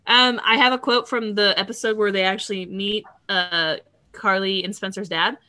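A woman's voice: mid-range voice, fairly even intonation, sharp tone, no echo. A woman in casual chat who reads out funny quotes from a TV show and laughs often. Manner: laughs often, reads lines in quick bursts.

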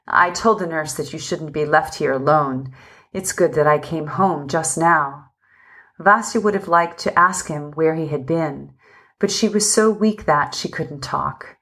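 A woman reading a story aloud in a slow, gentle narrating style, speaking both the narration and the characters' lines without distinct voices. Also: deep voice. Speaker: audiobook reader. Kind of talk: scripted narration.

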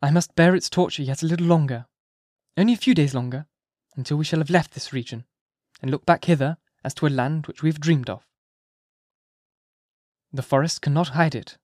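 A man's voice: fairly high pitch, fairly quick, pauses often, a little mellow, no room sound, natural voice. An anxious young mother pleads and coaxes in a raised voice, as a male narrator acts her out. She sounds weary and burdened. The dry, close reading suits a classic novel audiobook. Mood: troubled.

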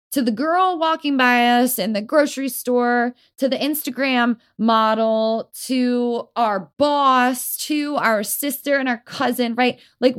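Upbeat woman podcast host, lively pitch. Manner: upbeat, encouraging, speaks straight to listeners. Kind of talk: solo motivational podcast talk.

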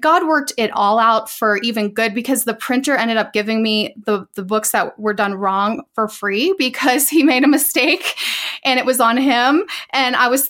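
Earnest woman, slightly high voice. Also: a bit bright. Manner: earnest, emotional, repeats phrases for emphasis. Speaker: author and entrepreneur. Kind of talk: casual faith conversation.

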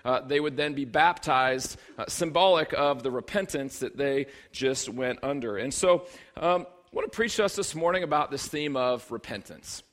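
A man's voice: mid-range voice, lively intonation, normal speed, a bit bright. A man in his thirties, a pastor preaching a sermon in a conversational, humorous way, building to emphatic bursts.

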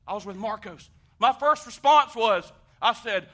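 A man preaching a sermon, conversational and animated, asking the congregation questions and swinging from hushed talk to shouting. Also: sits high, unhurried. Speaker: pastor.

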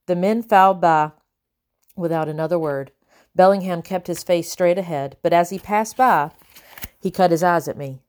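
Woman reading an audiobook, low voice. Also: moderate pace, a little mellow. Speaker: audiobook narrator. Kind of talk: first-person audiobook narration.

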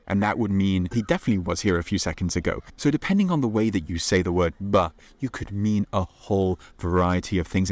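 A man hosting a podcast lesson, relaxed and playful, modeling phrases slowly for listeners to repeat. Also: low-pitched. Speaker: podcast host and French teacher.

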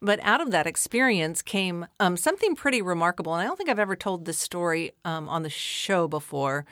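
A woman co-hosting a podcast, telling a personal story in a casual, animated way with some swearing. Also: lowish voice, a little fast, dry recording, studio quality. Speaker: podcast co-host.

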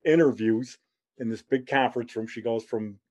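A man's voice: mid-range voice, normal speed, darkish tone. A middle-aged man hosting a show, telling a long personal story in a rambling, self-deprecating way. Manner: rambling, self-deprecating humor, many fillers and asides. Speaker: show host.

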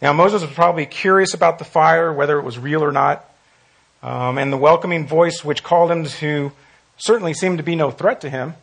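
A man's voice: on the high side, fairly quick, vocal fry, a bit bright. A man teaching a Bible study, earnest, repeating phrases for emphasis and reading scripture aloud. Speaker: pastor leading Bible study.

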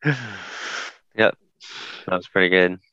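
A man hosting a casual sports podcast, brisk and steering the talk. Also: deep voice, pushed and bright, no room sound, lo-fi sound. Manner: brisk, steers the show, laughs often. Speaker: podcast host. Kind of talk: casual chat.

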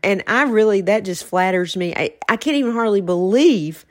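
A woman hosting a faith-based podcast, talking in a soft, reflective way with her mother. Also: mid-range voice, lively intonation, normal speed, dry recording, clean studio sound. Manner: soft-spoken, reflective, emotional at times. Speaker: podcast host.

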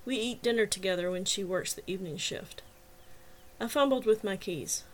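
A woman with a medium-pitched voice narrates and hosts a serialized mystery audiobook at a normal pace, with a little background noise. When dialogue comes up in the script, she lifts her voice slightly to play the characters.

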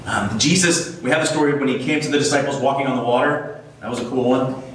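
A man's voice: mid-range voice, fast talker, fairly bright tone, a little hiss or hum. Man preaching in a very echoey room. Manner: conversational, asks the listeners questions. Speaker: pastor. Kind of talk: casual sermon with scripture reading. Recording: echoey room, mic far off.

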